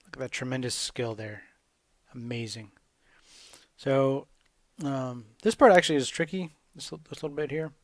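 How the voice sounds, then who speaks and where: A man's voice: medium pitch, no echo, clean studio sound. A man casually commentating his gameplay with wry, sarcastic asides. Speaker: gamer commentating a speedrun.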